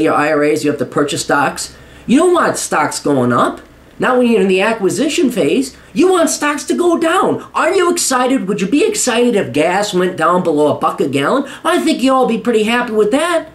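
A man hosting his own show, ranting casually and sarcastically with lots of swearing. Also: sits high. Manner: animated, sarcastic, swears freely. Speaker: host. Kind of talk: profane casual rant to camera.

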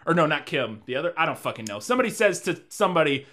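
A man with a bright, forceful voice chats casually about a bad film. He rambles, swears and laughs as he goes, and his voice sits a little high. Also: very animated, fast talker. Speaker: podcast co-host. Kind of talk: casual movie review chat.

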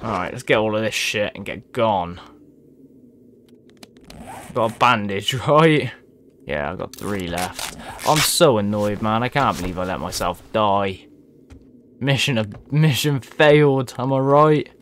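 A man's voice: on the low side, animated, a little slow, long pauses, a bit bright, slight background noise. A young man giving let's-play commentary to his viewers, frustrated and swearing often. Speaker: gaming video creator.

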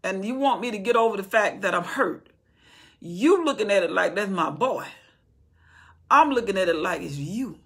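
A woman preacher teaches scripture with fervent, conversational energy, circling back and repeating words as she builds her point. Her voice is bright and forceful, with a husky grain. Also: mid-range voice, expressive, normal speed. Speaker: Bible teacher. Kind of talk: impassioned Bible study sermon.

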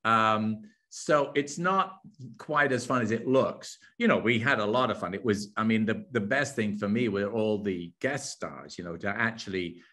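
A man with a London English accent, speaking as an actor guest in a relaxed interview, with fillers and restarts. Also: on the low side, normal speed. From England. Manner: conversational, with frequent fillers and restarts. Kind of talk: interview chat.

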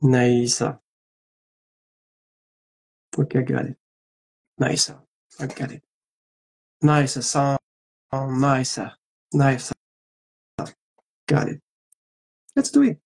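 A man's voice: mid-range voice, little pitch movement, takes it slowly, pauses often, darkish tone, low-quality recording. A man from Algeria, a voice actor chatting playfully with fans at a live autograph session and joking in several languages. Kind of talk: casual livestream chat.

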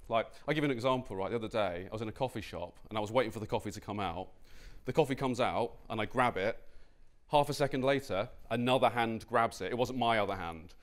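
A man's voice: fairly low pitch, fast. A British man performing an absurd stand-up monologue, awkward and building to manic outbursts. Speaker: stand-up comedian.

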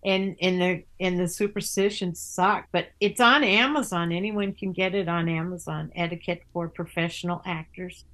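Older lady actor chatting away, lowish voice, lots of false starts. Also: normal speed, hardly any pauses, fairly bright tone. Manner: chatty storyteller with many restarts, acting out other voices. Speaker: guest, theatre actor and author. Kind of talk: casual interview chat.

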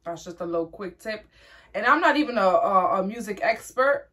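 A young woman from Rhode Island chats casually while reacting to songs. Her delivery is slangy and rambling, full of restarts. Her pitch sits in a middle range. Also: animated, moderate pace, fairly bright tone. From Rhode Island, USA. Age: young adult. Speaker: music reaction host. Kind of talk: casual chat.

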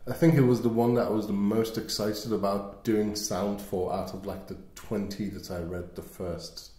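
A man's voice: lowish voice, little pitch movement, normal speed, dark tone, reverberant. A man co-hosting a podcast, chatting casually in a playful, rambling, thoughtful way. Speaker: podcast co-host. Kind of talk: casual chat.

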